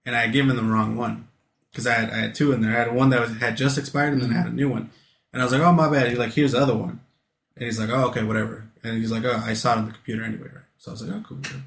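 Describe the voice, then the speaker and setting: A man's voice: mid-range voice, fairly even intonation, rapid-fire, vocal fry, a bit bright. A man casually telling a story to friends, laid-back and profane, laughing along as he goes. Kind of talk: casual chat. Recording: roomy echo.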